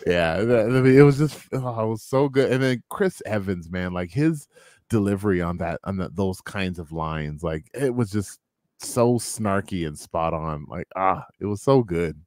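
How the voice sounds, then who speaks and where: A laid-back man in his thirties with a very deep voice, repeating words as he gets going. He sounds close and dry, with no room around him. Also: normal speed, darkish tone, dry recording. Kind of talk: casual chat.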